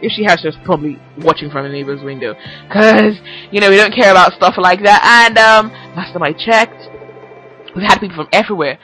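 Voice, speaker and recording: Young woman host, bright and forceful, loose teasing chat delivery over soft background music. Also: medium pitch, a little fast, slightly rough, rough recording. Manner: chatty and teasing, laughs often. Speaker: podcast host. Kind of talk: casual solo podcast chat.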